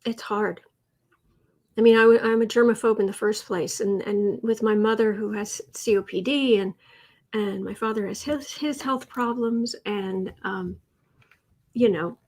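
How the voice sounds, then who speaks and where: A woman's voice: medium pitch, fairly even intonation, unhurried, darkish tone. A woman hosting a political tarot and astrology livestream, talking in a rambling, casual way with many fillers and restarts.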